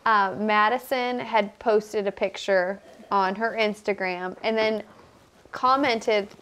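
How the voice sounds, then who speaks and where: A woman's voice: mid-range voice, fairly even intonation, slow, fairly bright tone, smooth. A young woman co-hosting a casual podcast, chatting and explaining behind-the-scenes details as a former contestant. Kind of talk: casual chat.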